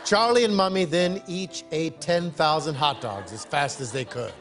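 A man's voice: on the high side, normal speed. Man narrating stage directions. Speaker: announcer and show regular. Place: TV studio with audience. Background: studio audience and music.

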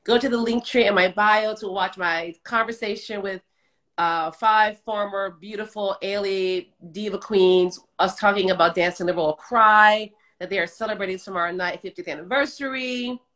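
A woman's voice: medium pitch, normal speed, fairly bright tone. A middle-aged woman hosting a casual livestream chat, laughing and emotional, gushing over friends. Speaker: livestream host, former dancer.

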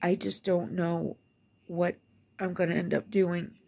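A woman with a low-ish, warm, creaky voice speaks at a measured pace in a level tone. She's a vlogger ranting emotionally to the camera, upset and near tears, cursing as she shifts between whispers and angry bursts.

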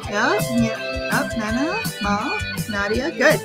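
Slow, higher-voiced woman teaching English. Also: lively intonation, over loud music. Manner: slow, repeats words for learners. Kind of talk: livestream lesson.

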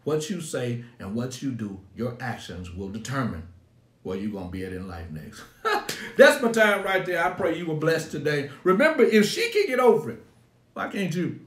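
A middle-aged pastor preaches in a fairly high, emphatic, folksy way, driving points home through repetition. His voice carries through a roomy church with plenty of echo. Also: big pitch swings, normal speed. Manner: emphatic, colloquial and repetitive, often laughing. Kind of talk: sermon.

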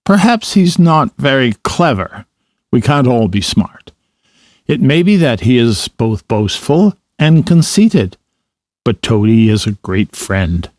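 A man's voice: medium pitch, sing-song, slow, darkish tone, dry recording, studio quality. Ratty, a man doing a sensible water rat. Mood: fond. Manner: explaining, matter-of-fact. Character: sensible, loyal male water rat, friendly guide.

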